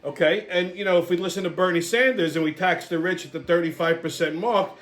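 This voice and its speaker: Fairly quick and full of curses, a New England man in his 70s hosts his own program, spinning stories and ranting about current events. His animated delivery is loud and pitched high for a man, with a roomy sound.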